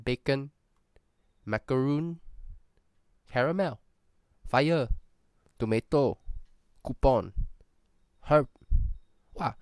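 A man's voice: medium pitch, extremely slow, long pauses, a little mellow, clear, resonant tone, no echo. A man speaking in a put-on Singaporean English accent, chatting casually through a list of prompts in a playful, profane way with joking asides. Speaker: vlogger doing an accent tag. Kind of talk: casual chat reading prompts.

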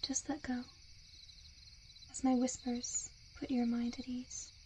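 A woman in a whispered role-play, with a soft, soothing and coaxing hypnotic murmur. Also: a little high, flat delivery, slow, slight background noise. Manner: seductive, coaxing.

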